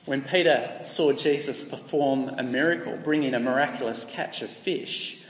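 A man's voice: mid-range voice, moderate pace, a little hiss or hum. A man with an Australian accent preaching a sermon in an earnest, emphatic way, asking rhetorical questions. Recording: echoey hall with long reverb.

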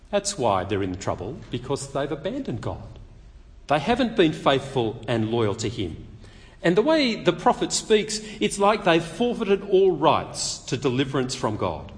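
A man preaching a sermon, telling the story lively and acting out the quotes. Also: fairly high pitch, unhurried, in a large hall.

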